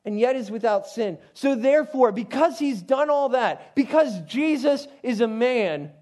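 Man, youth pastor, high voice, casual Bible teaching, chatty and digressive. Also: animated, a little slow, darkish tone. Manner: conversational, digressive, frequent asides to listeners.

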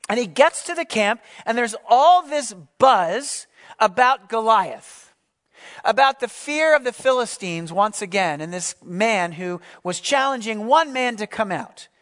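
A pastor preaching a sermon, reading scripture and explaining it in a relaxed, conversational way with asides. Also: male voice, high voice, a little slow.

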